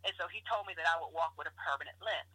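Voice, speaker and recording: Woman guest telling stories, husky and bright, laughs a lot, dry close sound. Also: low voice, racing, no echo, poor audio. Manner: animated, laughs often, acts out her own quotes. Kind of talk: casual storytelling interview.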